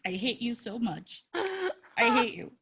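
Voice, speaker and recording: A woman co-hosting a casual wrestling podcast, sassy and animated, swearing freely. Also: a little high, unhurried, vocal fry, husky. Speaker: podcast co-host.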